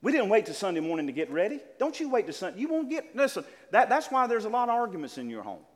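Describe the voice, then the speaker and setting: An older man preaching a sermon to a congregation, calling out amens and building to loud, exclaimed lines. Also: sits high, sing-song, fast. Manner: preaching with call-and-response amens, building to shouts. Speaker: pastor. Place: church. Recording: church hall with long reverb.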